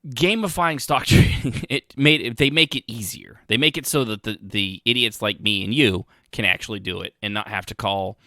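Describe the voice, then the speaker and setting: A man's voice: on the low side, normal speed, few pauses, pushed and bright, no room sound, clean studio sound. A man hosting a podcast, rambling through casual commentary with sarcastic asides and frequent restarts. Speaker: podcast host.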